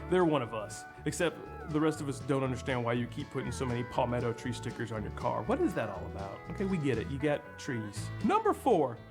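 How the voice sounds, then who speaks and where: Wry Southern narrator, faint music. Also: male voice, very animated, a little fast, few pauses. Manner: wry, punchy delivery with jumps in pitch for each number. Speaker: video narrator. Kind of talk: scripted comedic countdown narration. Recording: video with faint music bed.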